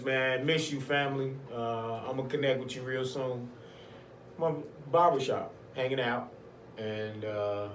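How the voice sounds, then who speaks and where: A man telling a personal story in casual talk, animated and acting out other people's voices. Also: medium pitch, slight background noise. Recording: echoey room, mic at a distance.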